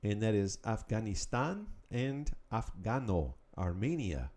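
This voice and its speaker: A man hosting a Spanish lesson podcast, calling out words, pausing, then giving the answers in an upbeat, patient way. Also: lowish voice, big pitch swings, a little mellow. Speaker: Spanish teacher. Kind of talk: podcast language drill.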